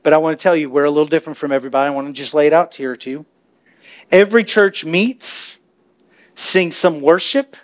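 A man preaching a sermon as pastor, talking to the congregation in a chatty way and building to impassioned shouts. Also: fairly high pitch. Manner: impassioned, rising to shouts, conversational asides to the congregation. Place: church sanctuary.

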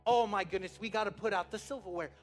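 A preacher acting out a frantic, flustered woman who rushes about fussing and fretting aloud to get everything ready for her guests. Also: soft background music, lightly acted. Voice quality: high, loud, breathless exclamations. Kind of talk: preacher acting out a story figure.

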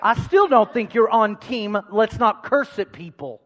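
A man preaching a sermon, calling out to the congregation for responses and swinging between loud emphasis and hushed asides. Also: high-pitched, lively intonation, a little slow, highs cut off. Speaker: pastor. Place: large church hall. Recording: long hall reverb.

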